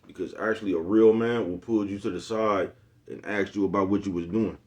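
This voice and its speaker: Man with a lowish voice, rambling street-slang vlog rant, keeps checking in with the listener. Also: fairly even intonation, brisk. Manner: rambling, profane, keeps asking "you know what I'm talking about"; streetwise slang, repeats himself. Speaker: vlogger. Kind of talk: unscripted rant to camera.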